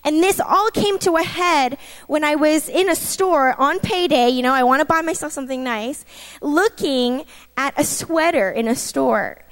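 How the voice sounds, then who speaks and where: A woman with a bright, high voice preaches a personal testimony. She speaks in an emphatic, conversational way and keeps turning to her listeners with asides. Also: normal speed, long reverb tail.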